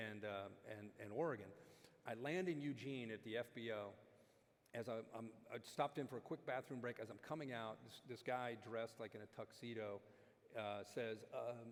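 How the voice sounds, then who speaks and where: A man spins an animated anecdote for a dinner crowd, jumping into the voices of the people in it. His voice sits in the middle range and carries the long reverb of a large hall. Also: mid-range voice. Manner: animated, acts out quotes. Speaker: guest speaker. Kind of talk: storytelling on stage.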